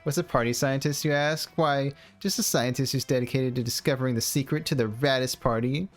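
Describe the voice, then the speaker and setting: Male streamer as excited party girl, raised exaggerated voice, faint music bed. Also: medium pitch, a little fast, natural voice. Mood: hyped. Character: brash dude party-girl Polly, hyped.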